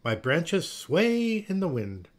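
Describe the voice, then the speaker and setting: A man voicing an earnest little girl who dreams of dancing, speaking slowly and pleadingly in a storybook reading. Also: sits high, very animated, pitched above the performer's own voice.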